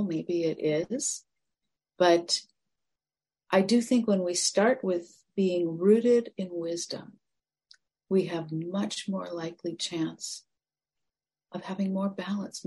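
A woman meditation teacher giving a gentle, reflective dharma talk that sometimes drops to a near-whisper. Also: on the low side, husky.

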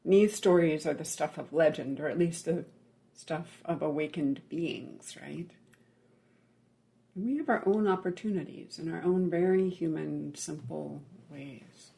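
A meditation teacher with a gravelly voice gives a Buddhist dharma talk at a mid-range pitch. The delivery is measured and full of pauses, with frequent "right?" check-ins. Key words soften to a near-whisper.

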